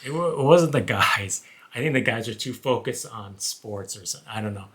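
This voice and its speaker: A man who once taught high school math, co-hosting a casual chat and rambling with frequent restarts. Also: animated, brisk, heavy background noise. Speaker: former high school math teacher, co-host.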